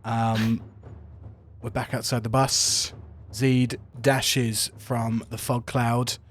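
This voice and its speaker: A man running a tabletop game as game master, narrating the action in a lively, playful way. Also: mid-range voice, very slow. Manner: lively storytelling with playful asides.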